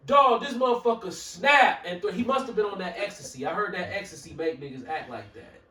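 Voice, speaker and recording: High-voiced Milwaukee man telling a story. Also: brisk, slight background noise. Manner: animated, profane, acts out quoted people, bursts into shouting. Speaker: show regular. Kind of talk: casual storytelling chat. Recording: roomy echo, mic far off.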